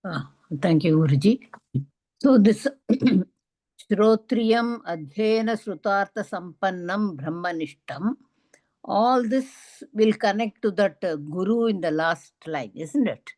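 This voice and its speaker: A woman's voice: mid-range voice, expressive, slow, darkish tone. Woman student checking her understanding. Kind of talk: asking a question in class.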